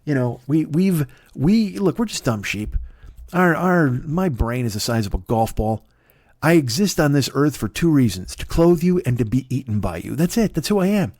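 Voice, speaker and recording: A man's voice: fairly high pitch, sing-song, moderate pace, a little mellow, dry recording, clean studio sound. A man voicing a dim, resigned sheep who talks about itself in a plaintive, self-deprecating way.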